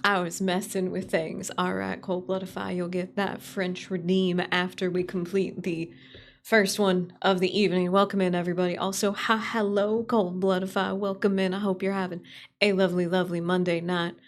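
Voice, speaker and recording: A woman's voice: fairly low pitch, flat delivery, normal speed. A young adult woman streaming, chatting casually with her chat, repeating greetings and laughing often.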